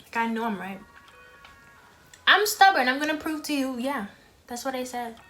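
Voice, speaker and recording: A woman's voice: on the high side, fairly quick, faint music behind. A young woman who films herself eating at home and chats to the camera in a blunt, frank way, talking between bites. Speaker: mukbang vlogger. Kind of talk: casual talk while eating.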